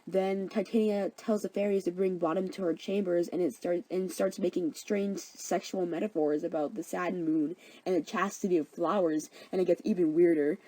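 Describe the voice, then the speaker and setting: Chatty young woman narrating, mellow voice. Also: fairly low pitch, steady tone, normal speed, few pauses, dry recording, rough recording. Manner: chatty, sarcastic, slangy. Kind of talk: casual comedic summary narration.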